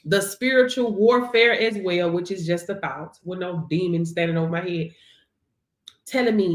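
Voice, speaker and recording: A woman with a fairly low voice and moderate pace gives an animated, preachy motivational faith talk on a live stream from her home. She laughs a lot and calls listeners "baby"; the sound is reverberant and recorded through the device camera.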